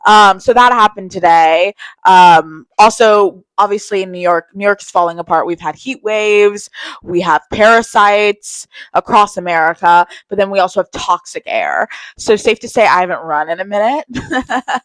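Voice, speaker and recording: A woman's voice: mid-range voice, animated, normal speed, no room sound, low-quality recording. A young woman in casual vlog chat, telling candid stories about her day and swearing freely. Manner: chatty storytelling, candid and swearing. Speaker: vlogger.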